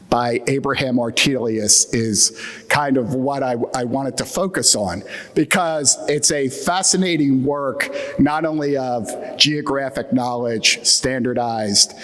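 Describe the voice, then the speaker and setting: A man with a mid-range, fairly bright voice and a Mid-Atlantic American accent, being from that region, gives a wry, joking keynote at a conference. His talk is full of fillers, delivered to an audience in a hall with a reverberant sound.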